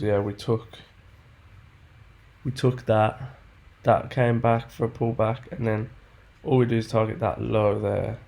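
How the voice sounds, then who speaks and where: A man's voice: fairly low pitch, gravelly, dark tone. A man who thinks aloud while he trades. He talks to himself, sounds frustrated and swears often. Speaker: trader backtesting charts. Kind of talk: muttering commentary to himself.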